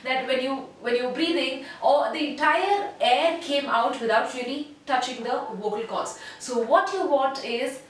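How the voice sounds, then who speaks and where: A woman giving an online voice lesson as a voice coach, speaking in a measured, instructive way and demonstrating sounds. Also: sits high. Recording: very echoey room, voice heard from a distance.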